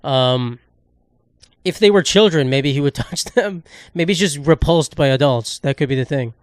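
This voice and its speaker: A man's voice: a little high, normal speed, dry recording, clean studio sound. A man hosting a solo podcast, ranting in a rambling, sarcastic, profane way and cutting himself off mid-thought. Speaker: podcast host.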